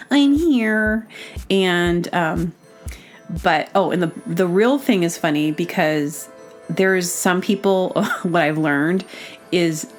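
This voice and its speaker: A woman's voice: fairly low pitch, takes it slowly, faint music behind. A woman from Arkansas hosting a podcast, talking in a chatty, rambling way with frequent laughs. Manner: chatty, digressive, laughs often. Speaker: podcast host; baker. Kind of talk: casual rambling monologue.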